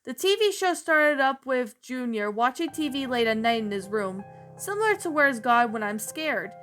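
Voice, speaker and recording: A woman reading a creepy story aloud in a plain, slightly halting way. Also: high-pitched, very animated, a bit bright, faint music behind.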